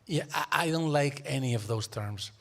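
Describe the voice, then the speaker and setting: A man's voice: mid-range voice, moderate pace, creaky, a bit bright, in a large hall, a little hiss or hum. A man speaking on a live symposium panel. He argues emphatically and keeps checking in with his listeners. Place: university auditorium.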